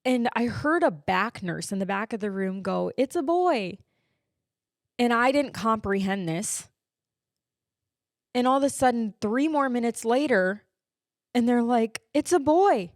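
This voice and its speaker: A woman hosting a podcast, telling a personal story in an emotional, animated way with many fillers. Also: a little high, measured pace, no echo, studio quality. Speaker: podcast host.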